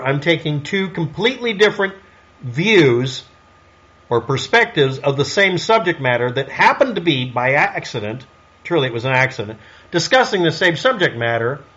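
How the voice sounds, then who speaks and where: A man's voice: a little high, a bit bright, dull audio. A man delivering a solo commentary monologue in a snarky, sarcastic way, firing off rhetorical questions. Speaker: online commentator.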